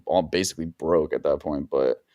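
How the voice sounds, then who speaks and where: A man's voice: extremely low pitch, fairly quick, mellow. A man, a music producer on a podcast, telling stories in a laid-back, rambling way full of slang and fillers. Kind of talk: casual podcast storytelling.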